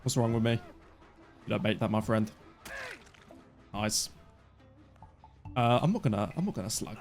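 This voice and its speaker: A man in his twenties giving live, excitable commentary on his own gameplay as a streamer. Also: on the low side, unhurried, long pauses, soft background music. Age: 20s. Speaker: gaming streamer.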